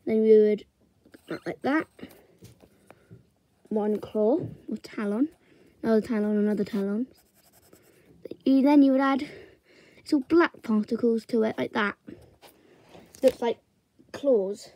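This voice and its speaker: Young woman, drawing tutor, unhurried and chatty, narrates step by step. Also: fairly high pitch, steady tone, mellow.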